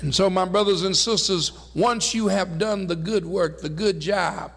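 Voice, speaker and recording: A middle-aged man preaching a sermon, rising to shouts and then dropping low, with call-and-response phrasing. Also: a little slow, vocal fry, in a large hall.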